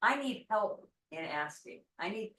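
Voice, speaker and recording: A woman's voice: medium pitch, lively intonation, a little slow, pushed and bright, far from the mic. A woman hosting a casual conversation, encouraging the guest and asking reflective questions. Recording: echoey room, away from the mic.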